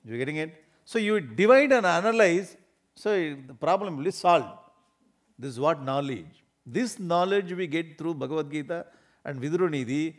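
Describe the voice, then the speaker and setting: A spiritual teacher with an Indian English accent delivers a discourse full of humor. His voice sits slightly on the high side for a man. He laughs often and slips into small acted-out scenes to make his points. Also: moderate pace. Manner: animated, laughs often, acts out everyday scenes.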